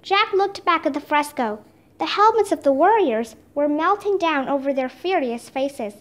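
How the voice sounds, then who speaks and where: A woman reading a children's chapter book aloud with steady, expressive narration. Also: sits high, normal speed. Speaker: storybook reader.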